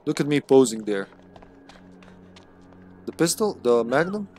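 A man's voice: mid-range voice, big pitch swings, unhurried, a little mellow. A man streaming a video game, giving casual, chatty commentary with swearing and laughter. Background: game music.

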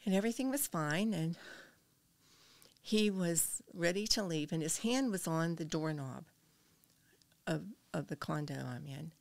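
Gravelly low-voiced older woman storyteller. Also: lively intonation, measured pace, pauses often, darkish tone, no echo. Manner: gravelly, earnest, drops to a whisper at tense moments. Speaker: guest. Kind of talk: personal storytelling in an interview.

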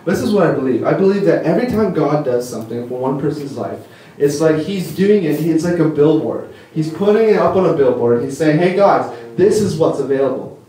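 A young man delivers a casual, rambling sermon at a conference in a church hall, packed with fillers and enthusiastic stories. His voice sits on the high side, brisk with lively intonation and a dark tone. It's recorded from far off in an echoey hall with slight background noise.

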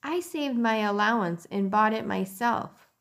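An eager, earnest young boy from a storybook, speaking with a raised, youthful pitch, as a woman reads him aloud. He sounds sincere and a little reproachful. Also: measured pace, vocal fry, a bit bright.

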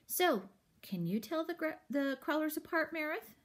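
A woman reading aloud voices an earnest, gentle boy who talks plainly and patiently. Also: sits high, expressive, normal speed, pitched above the performer's own voice.

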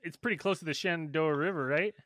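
A man's voice: fairly high pitch, quick pace, pushed and bright. A young man hosting a podcast, joking and teasing his co-hosts in casual banter. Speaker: podcast host.

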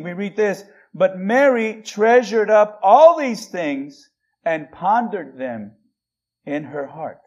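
A middle-aged man preaching a sermon as pastor, earnest, slowing down and stretching key words, with frequent restarts. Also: high-pitched, darkish tone, muffled recording.

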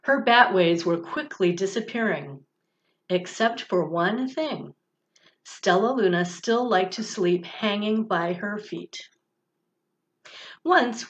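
A woman, a church's director of religious education, reading a picture book aloud for children in a gentle, expressive way. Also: medium pitch. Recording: dull lo-fi recording.

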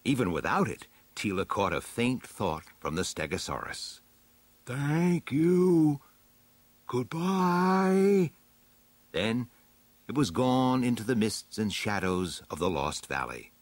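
A man narrating a storybook in an expressive, dramatic read-aloud manner. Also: low voice, moderate pace, hardly any pauses, dry recording.

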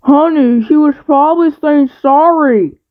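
A woman's voice: high-pitched, measured pace, narrow, tinny audio. A woman voicing a concerned father who asks what happened. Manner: concerned, questioning. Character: concerned father, calm husband.

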